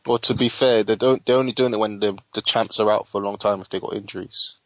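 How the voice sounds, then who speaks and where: A man's voice: on the low side, fairly even intonation, quick pace, no room sound. A man co-hosting a boxing podcast, teasing and laughing in casual slangy chat. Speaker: podcast co-host.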